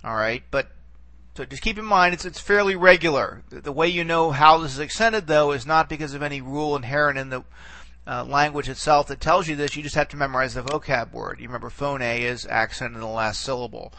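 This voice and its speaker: A male teacher talks through a recorded lesson with a gravelly, slightly fried edge to his voice. His tone is bright and forward, and he explains patiently, pausing often to check in with an easy "okay". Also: medium pitch, no room sound. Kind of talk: recorded lecture.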